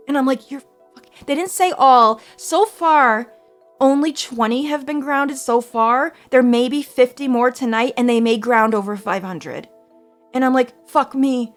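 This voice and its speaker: A tired woman from Canada streaming a casual chat, rambling anxiously and swearing freely. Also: fairly high pitch. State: tired, short on sleep. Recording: faint music underneath.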